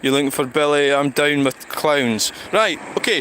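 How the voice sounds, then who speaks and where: A Scottish man rambles and swears on a casual walking livestream and talks back to his chat as he goes. His voice sits a little high for a man. He is recorded on a phone out on the street, with clear traffic noise behind him. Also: steady tone, normal speed. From Scotland. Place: outdoors on a town street.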